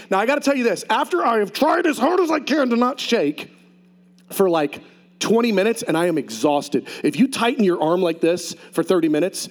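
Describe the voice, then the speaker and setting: A man preaching a lively sermon testimony to a congregation, telling his story with animated, shouted outbursts. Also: on the high side.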